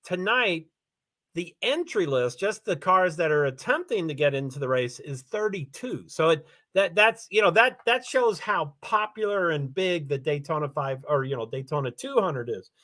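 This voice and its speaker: A man's voice: a little high, animated, moderate pace, sharp tone. A tired man hosting a casual livestream, rambling with many fillers as he reads out names and chats to viewers. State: tired, yawning. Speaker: livestream host.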